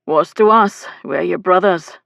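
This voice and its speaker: A woman's voice: on the low side, measured pace, creaky, fairly bright tone, dry recording. Wry married lord read by a woman, drawling, dry studio audiobook. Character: happily married nobleman, steady and wry. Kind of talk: audiobook character voice.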